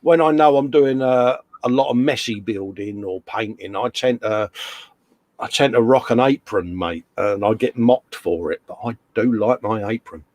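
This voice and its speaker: A man's voice: mid-range voice, normal speed, a little mellow, no echo. A man hosting a casual live stream, chatting and reading out viewer comments in a jokey way.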